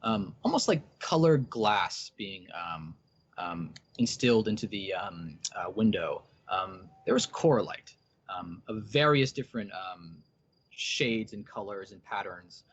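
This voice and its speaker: A man's voice: fairly low pitch, expressive, unhurried. Hesitant man running a tabletop game. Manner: hesitant, many ums. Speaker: game master. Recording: dull lo-fi recording.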